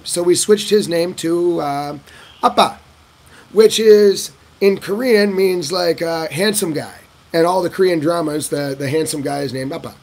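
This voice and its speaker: Animated gravelly man vlogging. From United States. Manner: animated, swearing, acting out dialogues with lively shifts in pitch and pace. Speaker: vlogger giving advice on living in Vietnam. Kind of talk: casual Q&A monologue.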